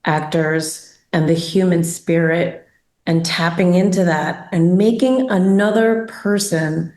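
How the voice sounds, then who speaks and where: A woman interviews her former teacher, asking questions with clear admiration. She speaks slowly, and her voice sits a little low. The sound carries the echo of a room. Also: darkish tone. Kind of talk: casual interview. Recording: echoey room.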